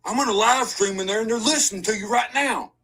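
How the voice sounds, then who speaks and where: A man's voice: high-pitched, quick pace, voice pushed up, exaggerated voice. A man voicing a rowdy young grandson who trash-talks his grandmother in a comedy skit. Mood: rough. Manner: rough, loud trash talk.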